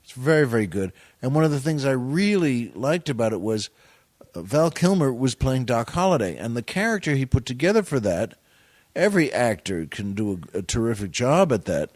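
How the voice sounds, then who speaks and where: A man of middle pitch spins rambling, self-deprecating show business tales as a podcast guest. He circles back and restarts as he goes. His voice sits close on a dry studio mic with no room around it. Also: very animated, brisk, no echo. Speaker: guest comedian and actor. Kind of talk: anecdotal storytelling on a podcast.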